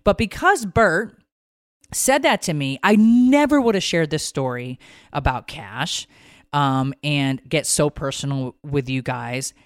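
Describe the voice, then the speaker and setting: A woman's voice: deep voice, animated, measured pace, dry recording, clean studio sound. A woman co-hosting a podcast in casual chat, rambling and emotional, swearing freely. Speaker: podcast co-host.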